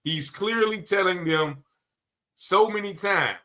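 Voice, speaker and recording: A man's voice: on the high side, normal speed, bright, forceful tone. A man commenting on a video, emphatic and blunt, repeating his points with indignation.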